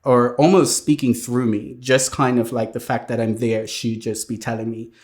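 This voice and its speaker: Reflective man, halting speech. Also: mid-range voice, little pitch movement, a little mellow. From Bermuda. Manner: reflective, halting, many fillers and restarts. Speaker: guest sharing his life story. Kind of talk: personal testimony interview.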